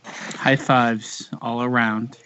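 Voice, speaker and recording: A man's voice: mid-range voice, little pitch movement, drawn-out words, very noisy. A man co-hosting a wrestling rewatch podcast, joking crudely and laughing at his own bits. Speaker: podcast co-host. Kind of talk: casual wrestling rewatch chat. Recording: dull lo-fi podcast audio.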